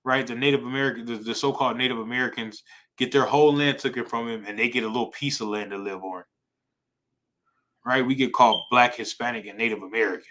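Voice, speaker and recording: A man's voice: mid-range voice, fairly even intonation, fast talker, sharp tone, slight background noise, rough recording. A man teaching an informal Bible class in a casual, slangy way, often repeating himself and asking "right?" for agreement. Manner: repetitive, emphatic, slangy, asks "right?" often.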